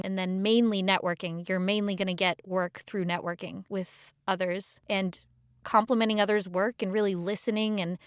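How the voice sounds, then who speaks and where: Animated woman voice actor, smooth and dry. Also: mid-range voice, dry recording. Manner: animated, emphatic, acts out her own reactions. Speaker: guest voice actor and audio describer. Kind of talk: conversational interview.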